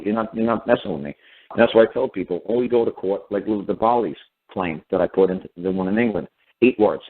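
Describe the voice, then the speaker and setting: A man hosting a show, telling a long rambling story in a blunt, repetitive way and acting out the people he quotes. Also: on the low side. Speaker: show host. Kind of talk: rambling monologue. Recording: phone-like narrow audio.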